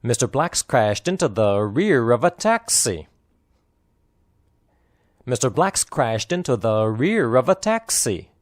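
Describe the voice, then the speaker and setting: An American man reading model sentences for repetition practice, slowly and with careful, strong stress. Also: medium pitch, big pitch swings, no room sound. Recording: dry close studio recording.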